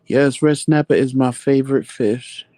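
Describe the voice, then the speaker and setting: A man hosting a casual live chat, answering viewer comments with animated, profane storytelling. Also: medium pitch, normal speed, no echo, studio quality. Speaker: livestream chat host.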